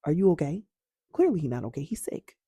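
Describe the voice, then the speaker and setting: Husky, candid woman talking to camera. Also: low voice, sing-song, fast, warm tone, no room sound, studio quality. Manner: candid and emphatic, swears freely. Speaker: wellness vlogger. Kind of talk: casual talk to camera.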